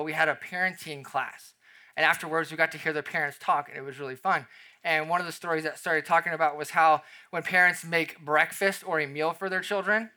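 A man preaching a sermon as pastor, animated and conversational, acting out little scenes in quoted voices. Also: a little high.

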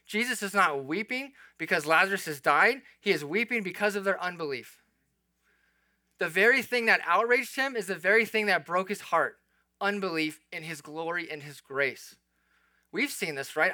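Bright, earnest man preaching a sermon. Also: high voice, no room sound. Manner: earnest, explanatory, conversational asides. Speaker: pastor. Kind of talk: expository sermon.

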